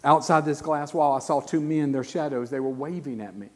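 A man, preaching a sermon and telling a personal story, his voice swinging from hushed to loud. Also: fairly high pitch, brisk. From South Carolina. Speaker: guest preacher. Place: church sanctuary. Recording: long church reverb.

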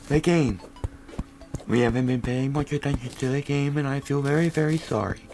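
A young man giving rambling comic gameplay commentary, goofy and full of random tangents with deadpan asides. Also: medium pitch, normal speed, soft background music, poor audio. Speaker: gaming video creator.

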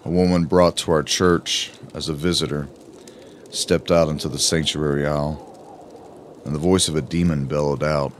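A man giving a slow, measured first-person audiobook narration. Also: rumbling low, fairly even intonation, slight background noise.

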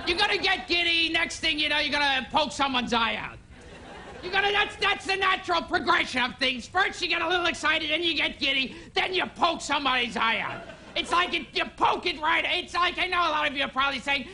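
A young man, a comedian guest, doing a stand-up monologue on a talk show in a shrill, shouting delivery. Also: animated, moderate pace, some chatter behind. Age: young adult. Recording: noisy broadcast tape with studio audience.

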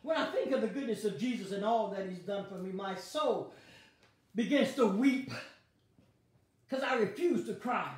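A woman's voice: mid-range voice, animated, normal speed, long pauses, darkish tone. Exuberant woman pastor preaching. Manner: exuberant, laughing, calls out congregants by name. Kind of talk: call-and-response online Bible study teaching. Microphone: device streaming to viewers online. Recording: very echoey, heard from a distance.

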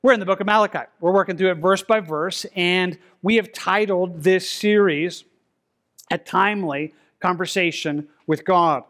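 High-voiced preacher working verse by verse. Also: male voice, fairly bright tone. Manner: conversational, repeats words, reads scripture slowly. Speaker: pastor. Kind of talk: expository sermon. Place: church sanctuary.

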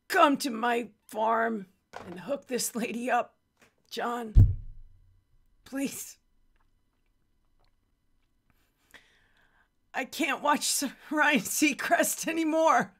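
A woman's voice: on the high side, vocal fry, exaggerated voice. A woman playing a crude, desperate female contestant on a dating show in a comedy sketch. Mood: pleading. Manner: brash and lewd, drawn-out delivery.

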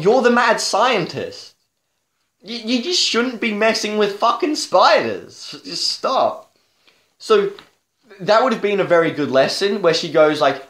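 A young man ranting through a profane, halting review of a TV show, with lots of restarts. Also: sits high, very animated, fairly bright tone. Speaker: vlogger. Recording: echoey room.

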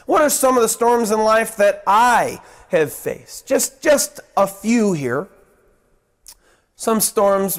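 A man preaching a sermon as pastor, swinging from raised, emphatic lines to hushed ones and repeating phrases for emphasis. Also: high voice, creaky.

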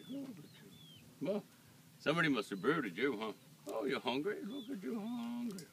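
A man's voice: high-pitched, wildly swooping pitch, moderate pace. A man at an outdoor ranch, chatting casually and coaxing animals in baby talk. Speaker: vlogger at a ranch. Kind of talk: casual chat while feeding animals. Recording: noisy outdoor recording.

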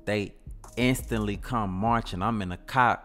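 Slow, deep-voiced Chicago man telling a story. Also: soft background music. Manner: slangy, animated, switching into voices. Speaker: comedy skit narrator. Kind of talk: comedic storytelling with put-on voices.

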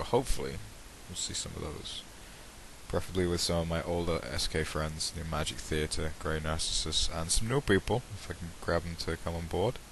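A young English man with a Midlands accent, talking at home in a rambling, self-deprecating way full of ums. His voice sits very low. A light hiss runs under the home recording. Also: a bit bright, rough recording. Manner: rambling, self-mocking, hesitant with many ums. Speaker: let's play channel host. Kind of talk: casual self-deprecating vlog intro.

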